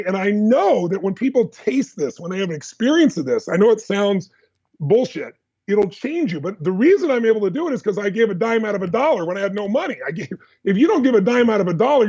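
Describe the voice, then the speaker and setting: A man as a podcast guest, telling personal stories in an animated, emphatic, fast-flowing way. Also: high-pitched, breathy edge, muffled recording. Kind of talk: energetic personal storytelling.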